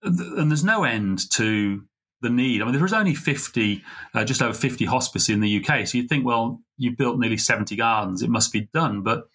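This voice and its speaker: A middle-aged man, a podcast guest, telling a heartfelt story in an earnest, halting way. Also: medium pitch, fairly bright tone, slightly rough. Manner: earnest, halting, full of fillers and restarts. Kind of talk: conversational storytelling.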